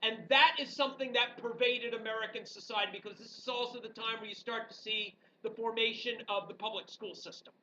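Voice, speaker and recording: A woman history teacher giving an animated, joking classroom lecture full of rhetorical questions to her students. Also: a little high, brisk, few pauses. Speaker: high school history teacher. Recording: dull, distant classroom recording with faint background noise.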